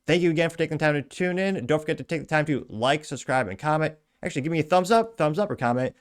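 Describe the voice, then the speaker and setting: A man's voice: fairly high pitch, quick pace. A man hosting a commentary show, reading viewer comments aloud and adding blunt, sarcastic asides. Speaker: host.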